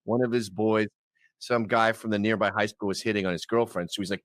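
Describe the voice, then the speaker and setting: A middle-aged Canadian man, a guest on a podcast, tells stories casually and animatedly, acting out the people in them with loud put-on voices. His voice is fairly low and brisk, recorded dry.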